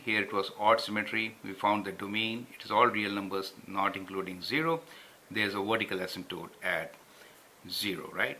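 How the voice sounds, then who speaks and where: A man's voice: lowish voice, bright, forceful tone. A man tutoring calculus step by step, patiently checking understanding with frequent tag questions. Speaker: math tutor. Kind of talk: explaining at a whiteboard.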